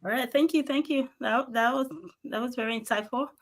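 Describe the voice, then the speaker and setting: A woman's voice: a little high, fairly quick, a little hiss or hum. A woman moderating a panel discussion, thanking a speaker and briefly, politely moving on to the next question.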